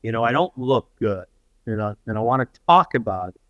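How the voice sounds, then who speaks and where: A man, a podcast guest, telling a story in a conversational way, often pausing and restarting as he acts out what others said. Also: mid-range voice, animated, a bit bright, dry recording, dull audio. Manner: anecdotal, acts out quoted dialogue with halting restarts.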